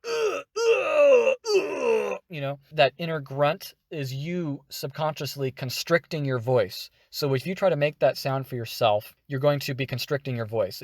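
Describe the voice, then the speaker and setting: A man explaining voice acting techniques in an energetic, demonstrative tutorial. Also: mid-range voice, no echo, clean studio sound. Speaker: voice acting teacher.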